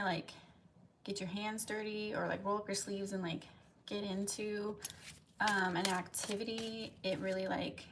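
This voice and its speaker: A woman gives a casual pick-a-card tarot reading on a live stream, wandering off on tangents and leaning on "like" and "um." Her voice sits at a middle pitch, with a faint hum of ambience behind her. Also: vocal fry. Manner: chatty and rambling, heavy use of "like" and "um"; reads viewers' comments aloud and answers them.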